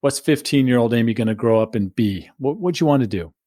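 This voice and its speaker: A man's voice: mid-range voice, animated, fast, dark tone, no echo, studio quality. A middle-aged man hosting a podcast, asking enthusiastic, friendly questions in casual chat. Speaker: podcast host.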